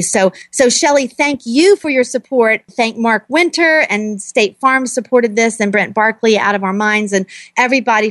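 A woman's voice: a little high, no room sound, studio quality. A woman with a Southern US accent hosting a pet podcast, gushing and effusive, laughing often as she chats. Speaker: podcast host. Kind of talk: casual interview chat.

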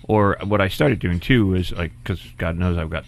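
Low-voiced man hosting a radio chat. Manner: loose and rambling, with filler words and quick asides. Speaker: radio talk show host. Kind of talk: casual on-air radio chat.

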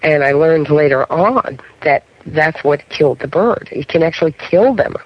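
A man's voice: on the high side, lively intonation, normal speed. Middle-aged man telling spooky stories on radio. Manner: storytelling, keeps checking in with "okay?". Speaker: paranormal investigator guest. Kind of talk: radio talk show interview. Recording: muffled radio broadcast.

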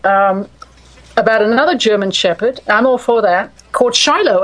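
A woman's voice: on the high side, low-quality recording. A woman hosting a pet radio show, chatting casually and teasing her guests. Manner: playful, teasing.

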